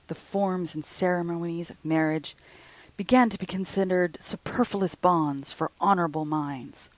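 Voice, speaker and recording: A woman hosting a podcast, reading a ghost story aloud in a slow, hushed way. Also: low voice, low-quality recording. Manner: slow, breathy, with soft hushed passages.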